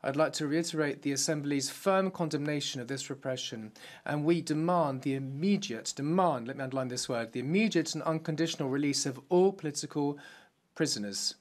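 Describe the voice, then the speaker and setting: A man interprets a parliamentary speech as it is delivered, and his voice sits a little high for a man. His delivery stays formal and measured throughout.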